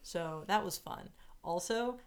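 A woman's voice: on the low side, slow, clean tone. A woman co-hosting a podcast in casual chat, chatty, trailing off mid-thought and laughing easily. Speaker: podcast co-host.

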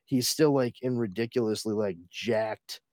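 A man with a somewhat low, darkish voice at normal speed hosts a casual comics podcast, rambling through a story recap. He swears and uses plenty of fillers, and there's no echo.

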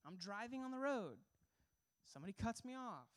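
A man's voice: very high-pitched, sing-song, a little fast. Earnest young male pastor preaching. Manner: earnest, emphatic preaching with rhetorical questions. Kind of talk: sermon.

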